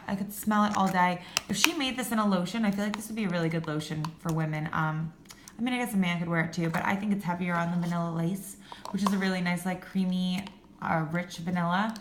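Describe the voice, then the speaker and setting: A woman's voice: fairly low pitch, a little hiss or hum. Chatty woman in an echoey room. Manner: chatty, swears, laughs at herself. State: voice cracking. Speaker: vlogger reviewing home fragrance. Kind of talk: casual chat.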